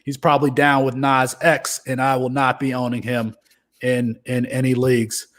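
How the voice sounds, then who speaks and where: A man's voice: medium pitch, flat delivery, normal speed, a bit bright. A man hosting a casual podcast chat with loose, joking banter. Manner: mock-formal courtroom argument, then loose banter. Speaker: podcast host.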